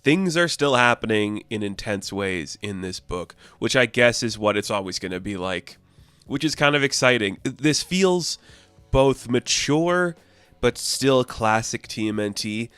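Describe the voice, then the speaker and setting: A man talking through a comic book review in an enthusiastic, chatty way, with quick plot recaps. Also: mid-range voice, lively intonation, fairly bright tone, smooth, no echo.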